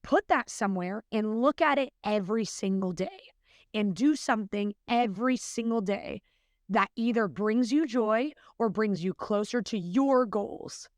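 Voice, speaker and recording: A woman's voice: mid-range voice, unhurried, no room sound, studio quality. A young adult woman, a podcast guest, talking in an earnest, chatty way with lots of fillers. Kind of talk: casual podcast interview.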